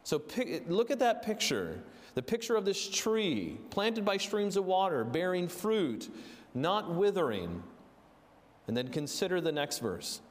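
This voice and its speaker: A man's voice: high-pitched, sing-song, a little slow. A man preaching a sermon, earnest and storytelling, with fillers and restarts. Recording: long reverb of a large hall.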